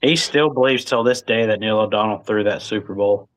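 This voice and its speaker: A man's voice: fairly low pitch, a little fast, a bit bright. Chill guy chatting football, says dude a lot, easygoing stories. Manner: laid-back storytelling with frequent "dude". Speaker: sports talk co-host. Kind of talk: casual sports chat.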